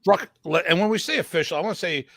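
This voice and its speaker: A man's voice: high-pitched, fast talker, fairly bright tone, dry recording. A man hosting a casual interview, asking follow-up questions in a conversational way. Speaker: podcast host.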